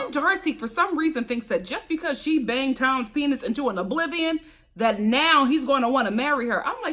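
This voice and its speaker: A sassy woman dishing on a reality series in a casual vlog recap. Her voice is fairly high and swings widely up and down as she makes her points with gossipy emphasis. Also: expressive, brisk, pushed and bright. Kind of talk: casual commentary.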